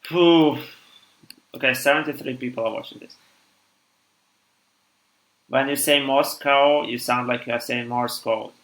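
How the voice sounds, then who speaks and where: A man from Siberia speaks English with a thick Russian accent. His voice is bright and forceful, though he is worn out from hours of live coding. He thinks aloud and stops and restarts often as he reads code out. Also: mid-range voice, measured pace, pauses often. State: tired after long streaming. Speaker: programmer streaming live.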